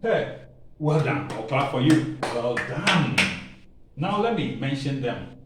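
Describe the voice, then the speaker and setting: A man from Ghana with a Ghanaian English accent, teaching an online language lesson with slow, emphatic drilling, repetition and playful asides. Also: mid-range voice, sing-song, distant mic. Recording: very echoey room, voice off-mic, faint ambient noise.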